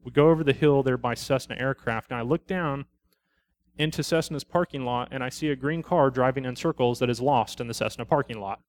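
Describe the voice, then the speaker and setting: Speaking briskly in a middle-pitched voice, a middle-aged policeman offers his testimony to a church study group as a lay speaker. He describes his calls conversationally, repeats what people told him, and draws blunt, sermonizing lessons.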